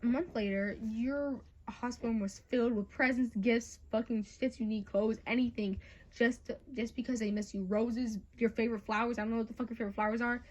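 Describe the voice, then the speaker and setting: A woman's voice: a little high, steady tone, brisk, a little mellow, rough recording. A young woman narrating a second-person fan story casually, with swearing and frequent asides. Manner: chatty, swearing, self-interrupting asides. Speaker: fan audio creator and narrator.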